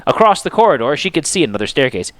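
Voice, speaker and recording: A man narrating a fantasy story aloud in an expressive, animated dramatic reading. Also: on the high side, fast talker, no room sound.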